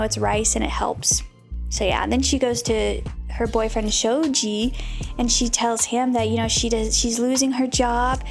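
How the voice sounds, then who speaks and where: A bubbly woman streamer who gives a chatty, giggly recap of a story she loves, her voice sitting high. Faint music runs quietly behind her. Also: gravelly. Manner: bubbly and chatty, full of "you know" and giggles. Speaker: VTuber host. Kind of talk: casual anime recap.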